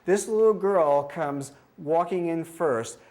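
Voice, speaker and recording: A man's voice: on the high side, takes it slowly. A middle-aged man giving a training talk on screening children's hearing, telling stories and acting out the children and the test beeps. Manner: animated storyteller, acts out child voices and beeps. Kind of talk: training presentation with demonstrations.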